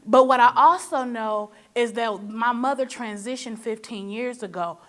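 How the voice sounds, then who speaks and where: Woman from Michigan, forum moderator: preacher-like motivational delivery, playful storytelling, slightly high pitch. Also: normal speed. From Michigan, USA. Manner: preacher-like, rhetorical questions to the audience; lively storytelling with playful asides. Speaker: panel moderator.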